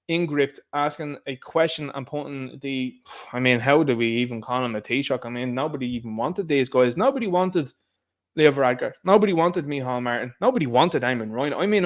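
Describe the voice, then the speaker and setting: A man with an Irish accent giving a casual political monologue, sarcastic and animated, laughing at his own jokes. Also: medium pitch. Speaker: political commentator.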